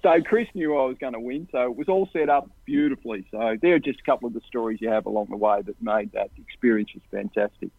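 An Australian man, an interview guest, tells casual anecdotes in an animated way. He lifts his voice into higher impressions of the people in his stories. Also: fast talker, hardly any pauses, no room sound. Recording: tinny phone line, dry and husky.

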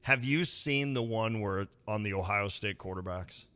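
A man co-hosting a sports radio show, chatting casually, animated and quick to laugh. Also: on the low side. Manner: animated, laughs often, acts out little scenes. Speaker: radio co-host.

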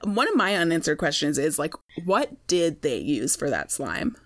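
Low-voiced woman podcast co-host. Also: normal speed. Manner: relaxed, agreeable, uses "like" often. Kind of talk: casual chat.

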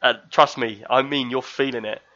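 Show regular, man in his thirties, bright forceful voice, lively storyteller, dull lo-fi recording. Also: medium pitch, moderate pace. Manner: animated storyteller, acts out screams. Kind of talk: casual chat.

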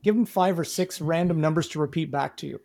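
A man's voice: a little high, fast talker, gravelly, a little mellow. A man from Canada, a guest in a casual interview, who talks emphatically and laughs while making his points.

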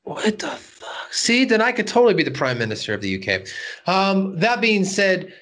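A man's voice: high-pitched, wildly swooping pitch, fairly quick, a bit bright. A man hosting a casual podcast, joking around and asking long, rambling questions. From United States. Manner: jokey, asks rambling questions. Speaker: podcast host. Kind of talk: casual chat.

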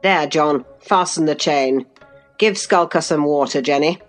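A woman's voice: low voice, a little slow, soft background music. A woman reading aloud, voicing a pompous, self-righteous old male magistrate.

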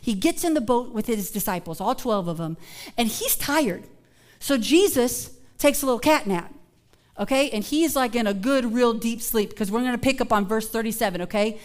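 A woman pastor preaching a sermon in a casual, conversational way, building from hushed moments to emphatic shouts. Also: on the high side, lively intonation, moderate pace.

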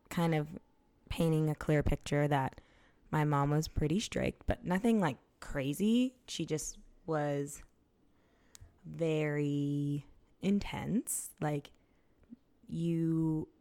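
A woman's voice: low-pitched, darkish tone. A young woman co-hosting a podcast, talking candidly and casually, swearing and acting out quotes as she tells a story. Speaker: podcast co-host. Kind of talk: casual chat.

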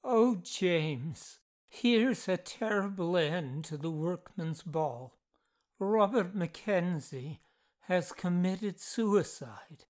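A woman reading as an excited wife with bad news. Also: lowish voice, extremely slow. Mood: alarmed.

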